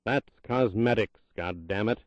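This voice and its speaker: An impatient, harsh-tongued president with a Southern drawl, as a man acts him out for an audiobook, curt and demanding. His voice sits fairly low, dry and slightly muffled. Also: unhurried, no echo, lightly acted. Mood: angry demanding. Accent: Southern American drawl.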